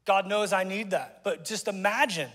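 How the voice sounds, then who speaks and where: Preaching in a church auditorium with long hall reverb, a middle-aged man keeps his sermon chatty and funny, turning often to the crowd. His high voice is a bit bright and moves at a moderate pace.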